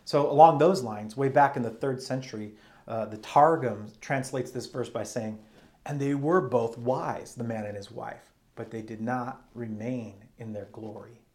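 A man's voice: mid-range voice, a little slow, a little mellow. A man preaching a teaching sermon, reading passages aloud and then explaining them step by step.

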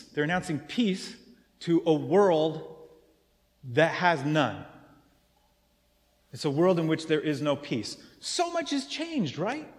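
Male pastor, sermon, fairly high voice, questions the congregation, repeats key lines, long church reverb. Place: church sanctuary.

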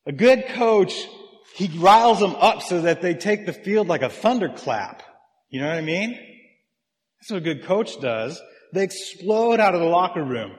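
A pastor with a high-sitting voice and big pitch swings preaches at a measured pace in a church, the long reverb of a large hall around him. His sermon is conversational, speaking directly with and engaging his congregation.

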